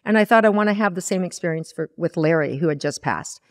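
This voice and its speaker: A quick-paced woman with a voice on the low side, this Iowa spiritual teacher earnestly recounts a personal story for a podcast interview. She acts out what she once said and thought with animation, and the studio sound is clean with no room sound.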